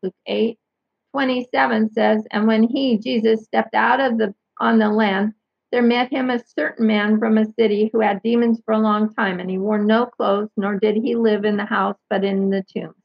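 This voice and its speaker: A woman reading Bible passages aloud and commenting, carefully pausing to clarify who each pronoun means. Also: on the high side, fairly even intonation, creaky, husky, dry recording. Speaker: Bible teacher. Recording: dull lo-fi sound.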